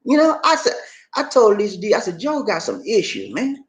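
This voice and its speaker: A man giving animated, preachy commentary on a news story, playful and repetitive, with questions for his audience. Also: high voice, fairly quick. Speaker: commentary channel host.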